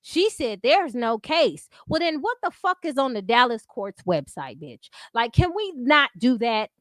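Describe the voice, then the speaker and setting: Speaking a little slowly in a high, sing-song voice with a fairly bright tone, a woman hosts a livestream captured in dry, studio-quality audio. Her casual commentary is heated, profane, and combative as she responds to her chat.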